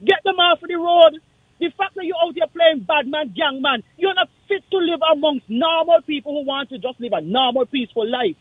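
A man with a Kittitian accent calling in to a radio talk show, speaking in an impassioned, forceful, repetitive way. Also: very high-pitched, moderate pace, no room sound. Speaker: caller. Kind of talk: call-in radio rant. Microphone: phone line. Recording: tinny dry phone line.

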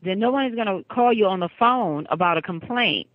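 A woman's voice: medium pitch, lively intonation, fairly quick, no echo. A woman working as a police call center supervisor, speaking firmly and sternly on a phone call. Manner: firm, stern, repeatedly scolding. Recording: muffled phone line.

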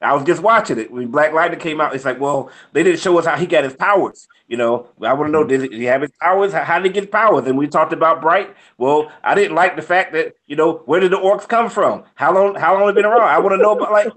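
A man's voice: a little high, quick pace, few pauses. A man co-hosting a movie review chat, teasing his friend playfully. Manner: teasing, animated, playful ribbing. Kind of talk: casual podcast review chat.

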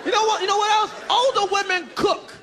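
A man doing a stand-up comedy routine on a large theater stage, loud and animated, shouting his punchlines into a handheld mic. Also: extremely high pitch, fairly quick, in a large hall. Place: large theater stage before a laughing audience. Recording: live concert recording with crowd noise.

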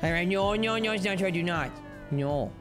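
A man giving excitable let's play commentary, yelling and cooing at the game in playful baby talk. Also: high-pitched, a little fast. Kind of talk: gameplay commentary. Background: game music.

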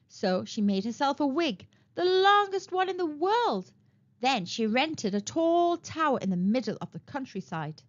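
A woman narrating a children's picture book aloud with expressive storytelling, on a dull lo-fi recording. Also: sits high, unhurried. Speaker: storytime reader.

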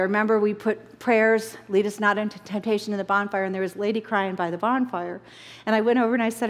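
A woman preaching and teaching scripture in an animated way. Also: medium pitch, fast talker. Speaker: Bible study teacher. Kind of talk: sermon. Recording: echoey hall.

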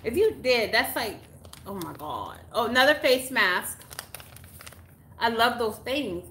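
A woman chats through an unboxing in a bright, fairly high voice, gasping and gushing over each item. She talks slowly and exclaims often, and the room around her sounds echoey. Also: very animated, a little hiss or hum. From Texas. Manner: gushing, exclamatory, chatty, with gasps and laughs. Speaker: YouTuber unboxing mail. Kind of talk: casual live unboxing chat.

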